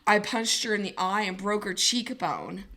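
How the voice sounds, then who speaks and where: A woman co-hosting a podcast, telling a story in an animated way, laughing often and acting out what people said. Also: mid-range voice, moderate pace. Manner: animated, laughing, swearing, acts out quotes. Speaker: podcast co-host. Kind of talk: casual storytelling.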